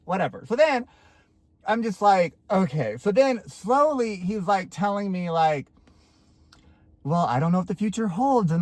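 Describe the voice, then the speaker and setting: A young man telling a dramatic personal story to his viewers in a casual, excitable way, swearing and filling his talk with "like". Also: fairly high pitch, dry recording. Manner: animated, swearing, lots of "like" fillers.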